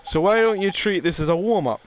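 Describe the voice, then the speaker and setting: A man's voice: high voice, moderate pace, soft background music, natural voice. A man reading game lines aloud as a cheeky little male fairy, trying for an accent. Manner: rough attempt at a regional accent, casual reading.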